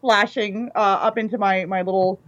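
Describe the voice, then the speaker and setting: A woman's voice: mid-range voice, fairly even intonation, normal speed, a bit bright, dry recording, dull audio. A woman co-hosting a casual chat, retelling scenes with enthusiasm.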